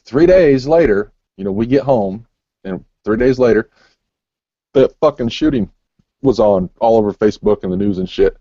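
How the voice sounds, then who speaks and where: Dark-voiced man telling a rambling story. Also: medium pitch, animated, moderate pace, no room sound. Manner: rambling storytelling, heavy swearing. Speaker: podcast co-host. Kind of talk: casual crude chat. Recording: muffled lo-fi recording.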